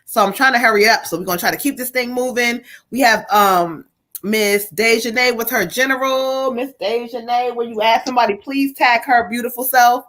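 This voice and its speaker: Bright, blunt, swearing woman reader. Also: on the high side, normal speed. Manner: blunt, profane, emphatic, urging viewers on. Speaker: livestream host and tarot reader. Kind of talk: casual live tarot reading.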